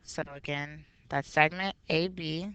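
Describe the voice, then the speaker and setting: A woman's voice: low-pitched, fairly even intonation, a little slow, fairly bright tone, smooth, no echo. A woman math teacher walking through a geometry review step by step, patient and explanatory. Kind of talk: recorded geometry review lesson.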